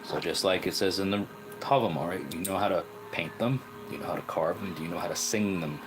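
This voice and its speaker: A man's voice: low-pitched, brisk, over music. A man hosting his own channel, talking casually about rune names while he works, asking rhetorical questions and playing down his own views. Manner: musing, self-deprecating, asks rhetorical questions. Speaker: rune craft channel host. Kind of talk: casual explanatory talk while crafting. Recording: noisy home recording.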